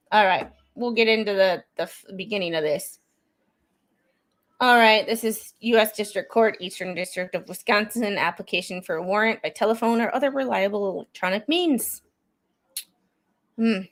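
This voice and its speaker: A woman with a mid-range, fairly bright voice and lively intonation streams true crime content at a normal speed. She reads court documents aloud in a chatty, digressive way, breaking into asides, and coughs now and then as she gets over a cold.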